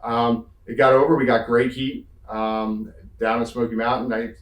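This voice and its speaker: A man's voice: medium pitch, normal speed, far from the mic. A man from the Northeastern United States, a guest in an interview, telling road stories casually, acting out quotes and swearing freely. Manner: animated storyteller, acts out quotes, swears freely. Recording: roomy sound from off-mic.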